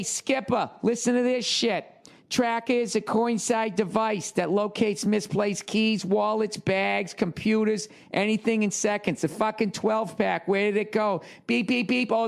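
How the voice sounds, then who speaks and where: A man doing a gravelly, brash ad guy. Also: sits high, voice pushed up. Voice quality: gravelly, swearing constantly. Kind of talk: comic ad read.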